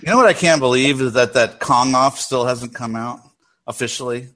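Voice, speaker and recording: A man co-hosting a podcast, telling animated jokey stories in casual chat. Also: medium pitch, normal speed. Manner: animated, joking storyteller. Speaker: podcast co-host.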